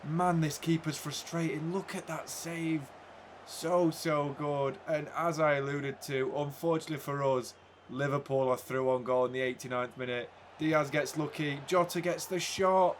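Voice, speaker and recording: A man's voice: fairly high pitch, steady tone, moderate pace, slight background noise. A young man commentating a football video game casually, swinging between hype and frustrated ranting. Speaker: gaming YouTuber.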